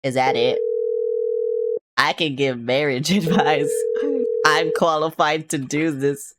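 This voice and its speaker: A woman's voice: deep voice, steady tone, slow, heavy background noise. A woman streamer playing a game, making casual, joking remarks with swearing and laughing asides. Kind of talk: casual let's-play commentary.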